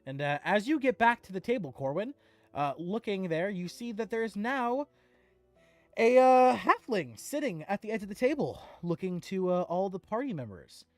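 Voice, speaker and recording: A woman's voice: medium pitch, animated, moderate pace, no room sound, soft background music. A woman running a tabletop game as dungeon master, narrating scenes descriptively with the odd filler.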